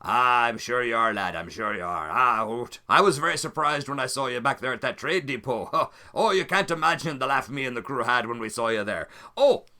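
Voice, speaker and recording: A man's voice: mid-range voice, animated, a little fast, hardly any pauses, bright, forceful tone. A man voicing a jovial, roguish male starship captain who talks in a folksy, chummy way and calls people lad.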